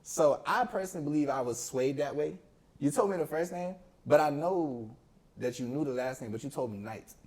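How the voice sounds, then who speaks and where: A man's voice: a little high, brisk. Young man telling a story with slang. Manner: animated storytelling with slang, acting out quoted people. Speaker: podcast guest. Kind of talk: casual chat.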